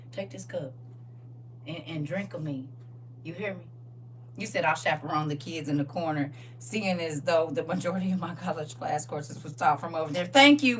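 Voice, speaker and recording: A middle-aged woman gives an animated sermon with a bright voice. She moves between hushed asides and loud, punchy lines and acts out the voices of the people she talks about. She is picked up from some distance, with a faint hum underneath. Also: fairly low pitch. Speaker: preacher. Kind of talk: lively sermon to a live congregation.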